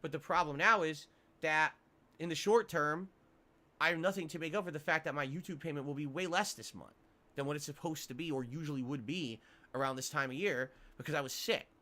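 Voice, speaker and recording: A man's voice: on the high side, pushed and bright. A male streamer venting to his viewers on a livestream, angry and profane, repeating himself as he rants.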